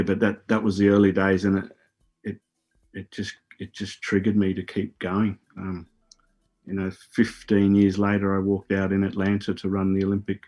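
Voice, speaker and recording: A man's voice: deep voice, a little mellow. A middle-aged Australian man, a radio guest, telling rambling stories with repeated words and casual swearing. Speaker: guest, former Olympic hurdler. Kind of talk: casual storytelling on a radio show.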